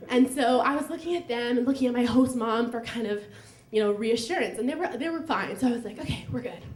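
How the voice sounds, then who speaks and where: A woman's voice: on the high side, brisk, darkish tone. A young woman telling a personal story live on stage, chatty and laughing, with lots of fillers. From United States. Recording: echoey live room.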